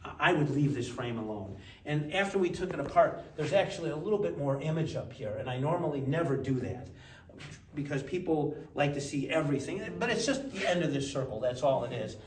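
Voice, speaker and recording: A man telling lively anecdotes in a casual gallery talk, acting out the people in his stories. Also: brisk. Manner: animated anecdotes, acts out voices with big pitch jumps. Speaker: art collector giving a gallery talk. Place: museum gallery. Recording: echoey gallery, distant mic, faint hiss.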